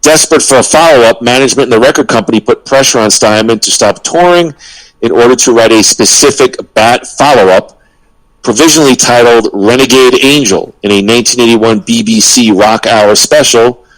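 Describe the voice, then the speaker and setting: A man's voice: mid-range voice, a little fast, low-quality recording. A man co-hosting a casual music podcast, talking with fillers and restarts and reading quotes aloud in a mock pompous voice. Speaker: podcast co-host.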